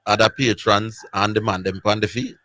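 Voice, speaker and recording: Jamaican man, co-host in a sports debate: firm, argumentative, bright voice, dry studio sound. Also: lowish voice, steady tone, normal speed, no echo. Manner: firm, argumentative, presses his point.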